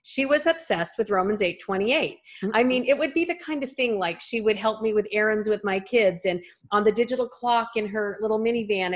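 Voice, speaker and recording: A woman's voice: medium pitch, a little fast. A woman in her fifties, originally from California, telling a personal faith story as a guest in an interview. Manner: earnest storytelling, acts out voices in quotes. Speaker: guest author and speaker. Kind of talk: personal testimony in a podcast interview.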